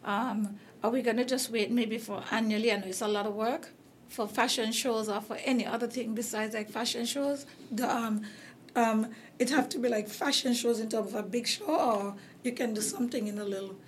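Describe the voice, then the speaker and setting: Caribbean woman host, slightly hoarse. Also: a little high, steady tone, moderate pace, slight background noise. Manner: rambling, many fillers and restarts. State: losing her voice. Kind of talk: casual interview chat.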